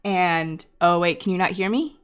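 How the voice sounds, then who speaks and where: A woman teaches a live online class without a script, talking to her viewers as she goes. Her voice sits a little low, and her speech is loose and chatty, full of ums and restarts. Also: moderate pace, smooth. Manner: talks straight to viewers in chat. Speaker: instructor hosting a data science livestream. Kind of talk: unscripted livestream teaching.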